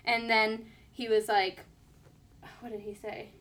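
A woman's voice: fairly high pitch, level tone, takes it slowly, fairly bright tone. Chatty young woman telling a story. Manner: chatty, lots of "like", quoting others. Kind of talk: casual storytelling.

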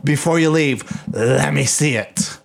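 A man's voice: on the high side, unhurried, vocal fry. A man co-hosting a podcast, chatting casually and telling bawdy stories with a giggle. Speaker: podcast co-host. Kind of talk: casual chat.

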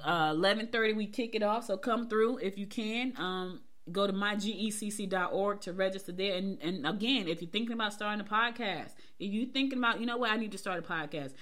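A woman's voice: mid-range voice, fairly quick, hardly any pauses, fairly bright tone. A woman hosting a casual morning podcast, chatting and laughing with her listeners. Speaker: podcast host. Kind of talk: casual morning show talk.

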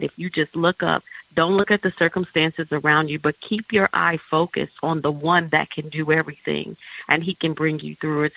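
Radio guest, sermon-like repetition, flat and bright. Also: medium pitch, gravelly, no echo, rough recording. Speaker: guest on a radio talk show. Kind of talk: inspirational radio talk.

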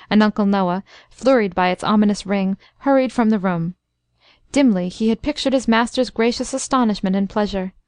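A woman narrating a classic story in an even, expressive storytelling manner. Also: medium pitch, no echo, clean studio sound. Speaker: audiobook narrator.

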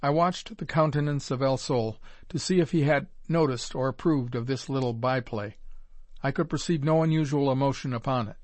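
Brief: male narrator, mid pitch, measured and formal, dry close recording. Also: no room sound. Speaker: audiobook narrator. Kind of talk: first-person audiobook narration.

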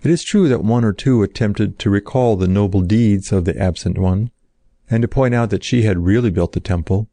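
A man reading an old-fashioned story aloud in a slow, solemn narrating style. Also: lowish voice, mellow, dry recording.

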